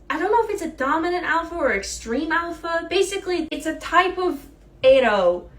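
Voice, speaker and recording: A woman's voice: a little high, reverberant, far from the mic. A woman telling a comedic story casually, swearing often and acting out the other people's voices. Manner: swearing, animated, mimics voices in anecdotes. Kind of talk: casual storytelling with lip-sync clips.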